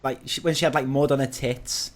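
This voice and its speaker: A man's voice: mid-range voice, fairly even intonation, a little fast. A man in casual chat, cheeky and bawdy.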